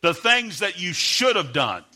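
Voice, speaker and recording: A middle-aged man preaching as a guest pastor, emphatic and building to sudden shouts, reading scripture in old King James wording. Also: high-pitched, very animated, a little slow. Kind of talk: Baptist sermon.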